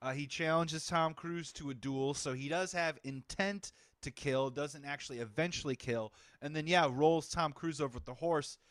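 A man's voice: fairly high pitch, moderate pace, hardly any pauses, fairly bright tone, no echo. A man hosting a casual film podcast, chatting with enthusiasm and rambling asides. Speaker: podcast host.

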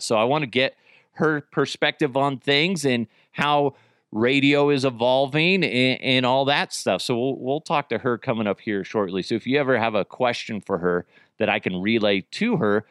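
A man's voice: mid-range voice, fairly bright tone, no room sound, clean studio sound. A man hosting his own podcast in casual solo chat, crude and joking, often poking fun at himself. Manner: crude, joking, self-mocking. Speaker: podcast host.

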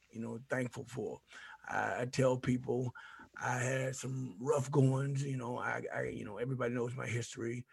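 Older man guest, gravelly husky grandpa voice, animated storyteller. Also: mid-range voice. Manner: animated storyteller, many restarts. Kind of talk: casual chat.

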